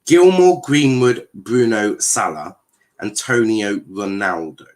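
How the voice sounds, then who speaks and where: A man's voice: fairly low pitch, slow pace. A man hosting a live football watchalong, commentating casually with jokes, swearing and lots of fillers. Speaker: host.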